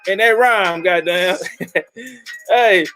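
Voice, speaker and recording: A man with a strikingly high voice hosts a casual livestream. He talks loud, profane and hyped up, firing off shout-outs and jokes at his chat. Faint music plays behind him. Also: slow, rough recording. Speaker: livestream host.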